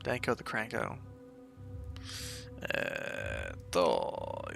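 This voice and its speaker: Bright-voiced sarcastic gaming man. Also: low-pitched, wildly swooping pitch, extremely slow, vocal fry, faint music behind. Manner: wry, sarcastic, swears freely. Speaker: game streamer. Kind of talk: let's play commentary.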